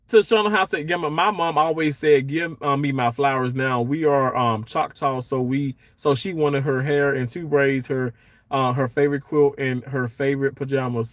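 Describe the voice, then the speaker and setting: Speaking at a hospital workplace, this livestream host chats and rambles loosely, full of fillers, as he reads viewers' comments and welcomes them by name. He has a medium-pitched, fairly bright voice, and the recording is dry.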